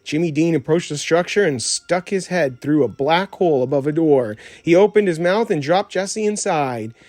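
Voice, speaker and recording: A man narrating a children's storybook audiobook in a measured, plain reading. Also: a little high, expressive, darkish tone, no echo. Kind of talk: storybook read-aloud narration.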